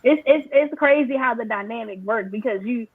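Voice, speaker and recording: Woman on a podcast, high voice, telling stories and acting out what people said, tinny phone-ish sound. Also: moderate pace, breathy edge, no room sound. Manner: animated storyteller, acts out quotes. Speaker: podcast host. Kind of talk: casual chat.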